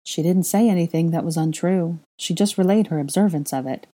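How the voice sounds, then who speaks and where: A woman reads a young witch and new mother, earnest and a little weary. Her voice is husky and mellow as she explains things patiently, in a storybook reading. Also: lowish voice, brisk, close to an everyday voice.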